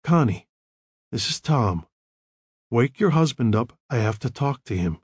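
A man voicing a calm, controlled counselor who gives quiet, measured instructions. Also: medium pitch, breathy edge, dry recording, studio quality. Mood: gentle.

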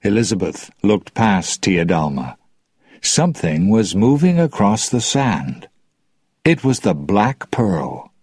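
A man reading a story aloud with slow, expressive narration. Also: fairly low pitch, slightly rough, no echo, studio quality.

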